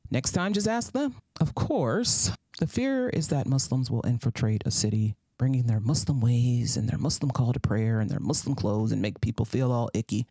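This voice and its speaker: A woman's voice: a bass voice, warm tone, dry recording. A woman hosting a solo commentary podcast, sarcastic and profane, who repeats phrases for emphasis and slips into mocking voices. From United States. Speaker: podcast host.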